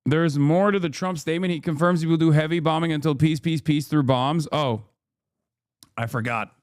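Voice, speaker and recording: A man's voice: fairly high pitch, moderate pace, no room sound, studio quality. A man doing live stream commentary, sarcastic and profane, rising into angry rants.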